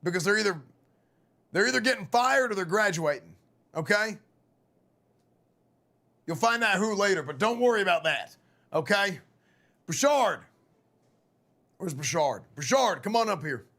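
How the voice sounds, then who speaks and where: Hoarse guy yelling coach pep talk on stream, high bright voice, swears a lot. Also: lively intonation, moderate pace, pauses often. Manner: loud, profane, rallying. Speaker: streamer playing a football coach. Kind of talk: mock locker-room pep talk, live gaming stream.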